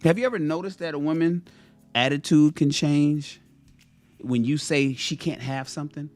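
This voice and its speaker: A man's voice: on the high side, steady tone, moderate pace, darkish tone, no room sound, soft background music. A man, a motivational vlogger, telling a story in a casual monologue, often repeating and restarting his phrases. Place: home in Los Angeles.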